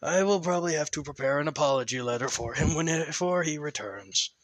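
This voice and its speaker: A man's voice: a little high, animated, brisk, fairly bright tone, no room sound. A man voicing a humble, polite male cleric who speaks formally. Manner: formal, courteous.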